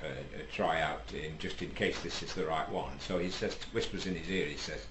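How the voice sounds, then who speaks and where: A man's voice: rumbling low, a little fast, few pauses. A British man telling a long comic shaggy-dog story on stage, rambling with many ums and restarts. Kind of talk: stand-up joke telling. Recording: echoey room, faint noise.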